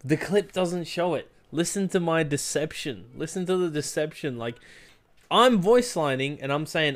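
A man casually commenting on a replayed game clip, animated as he explains it. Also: fairly high pitch, takes it slowly, pauses often. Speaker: streamer.

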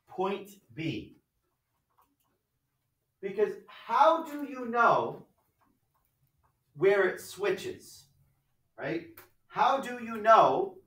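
A male math teacher lectures in a slightly higher voice, checking in with rhetorical questions as he explains. He sounds set back from the mic in an echoey room. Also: a bit bright, far from the mic. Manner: explanatory, asks rhetorical questions with frequent "right?". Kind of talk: classroom lecture.

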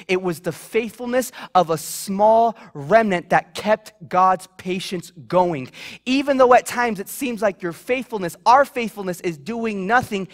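Man, young adult, high voice, preacher, conversational sermon, fillers and restarts, church. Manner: chatty, self-deprecating, many fillers and restarts. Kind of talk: sermon with personal stories. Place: church sanctuary.

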